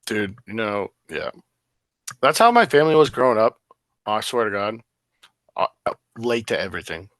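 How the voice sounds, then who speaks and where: Bright-voiced young man, animated chat. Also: on the low side, moderate pace, long pauses, no room sound. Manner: animated, says "dude" a lot. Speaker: podcast co-host. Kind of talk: casual chat.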